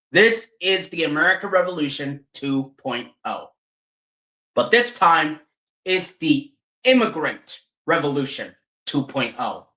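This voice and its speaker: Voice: mid-range voice, pushed and bright. A streamer in a heated, profane political rant who keeps asking rhetorical questions. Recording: roomy echo.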